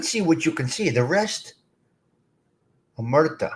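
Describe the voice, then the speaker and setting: A man's voice: a little high, a little slow, pauses often. A middle-aged man hosting a casual live stream, talking bluntly and straight to his chat. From North Jersey. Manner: animated, blunt, streetwise, talks straight to chat.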